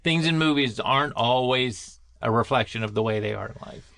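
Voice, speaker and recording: A man's voice: mid-range voice, a little fast, creaky, fairly bright tone, no echo. A man chatting casually as a podcast co-host, teasing his partner and peppering her with playful questions. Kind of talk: casual chat.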